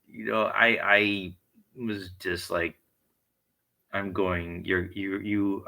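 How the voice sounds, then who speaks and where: A man's voice: deep voice, sharp tone, rough recording. A man delivering a blunt, heated monologue full of swearing. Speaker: vlogger. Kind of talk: profane monologue rant.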